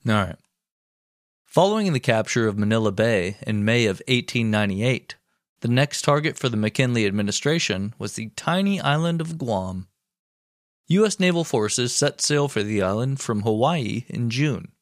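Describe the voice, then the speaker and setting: Guy reading history on a podcast, dry sound, wry jokes, mid pitch. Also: animated, moderate pace, no room sound. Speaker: podcast co-host and storyteller.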